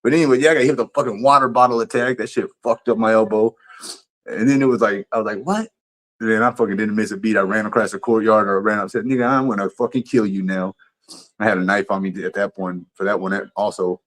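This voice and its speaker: A man's voice: on the low side, steady tone, fast, fairly bright tone. A man livestreaming, telling a story in a casual, profane, rambling way with lots of restarts.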